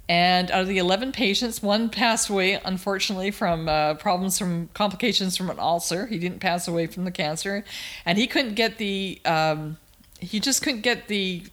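A woman's voice: lowish voice, a bit bright. Emphatic storytelling woman. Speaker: guest, cancer survivor. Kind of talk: storytelling interview.

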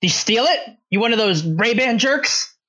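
A game master voicing a gruff, buff woman shopkeeper who hates jerks, blunt and suspicious, in a tabletop role-play. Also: on the high side, lively intonation, moderate pace, a bit bright, voice pushed up.

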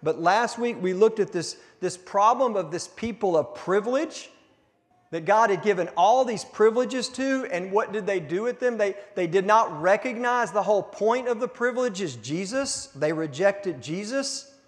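A man pastor giving a conversational sermon with a recurring cough, restarting words and slowing down for emphasis. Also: high-pitched, expressive. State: coughing now and then. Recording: long hall reverb.

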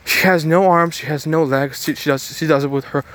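This motivational vlogger is outside, just about to get on a bus, addressing his viewers directly with emphatic, repetitive encouragement and frequent restarts. He talks briskly in a somewhat high, slightly bright voice with fairly even intonation.

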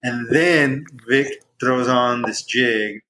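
A young man telling a fishing story in casual chat on a podcast, rambling with restarts and jumping into excited quoted voices. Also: mid-range voice, takes it slowly, noisy background. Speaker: podcast guest.

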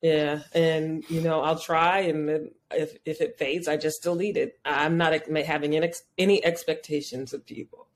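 A woman co-hosting a casual podcast chat, talking loosely and acting out her own thoughts in quick asides. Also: low-pitched, little pitch movement, slight background noise. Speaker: podcast co-host.

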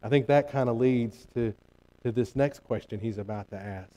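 A man's voice: mid-range voice, normal speed, warm tone, rough recording. Earnest male pastor preaching. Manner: earnest, repetitive emphasis with frequent restarts. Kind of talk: sermon.

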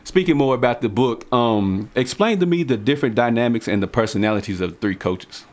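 A man's voice: mid-range voice, lively intonation, brisk, background noise. A man with a Kentucky country accent hosting a casual radio interview in a studio, chatty, laid-back and joking. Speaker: radio show host.

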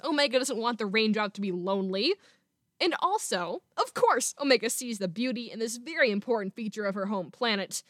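A woman podcast host with a fairly high voice talks in an excitable, playfully self-mocking way. She also reads a short piece aloud in the same voice. The recording is dry and close, with no room sound. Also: no room sound. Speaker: student. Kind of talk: chatty podcast talk with a story reading.

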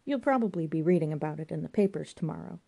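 A woman's voice: low voice, lively intonation, fast, creaky, warm tone, full character voice. A woman voicing a rambling, self-important male pub landlord with a banged head. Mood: chatty.

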